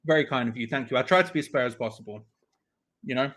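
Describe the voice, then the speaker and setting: A man's voice: mid-range voice, fast talker, a bit bright, rough recording. A young man hosting a live football watch-along, chatting, joking and reading out viewer comments. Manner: chatty, jokey, reads viewer comments aloud.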